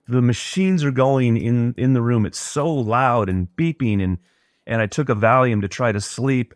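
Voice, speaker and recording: Speaking as a guest on a podcast, a middle-aged man recounts something from his own life, reflective and sincere, frequently starting his sentences over. His pitch is mid-range, and the audio is close and dry with no room sound.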